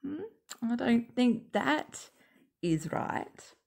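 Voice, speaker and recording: A woman with a croaky voice rambling sarcastically at home while smoking, as a YouTube commentator. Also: fairly high pitch, very animated, very slow. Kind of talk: rambling casual monologue.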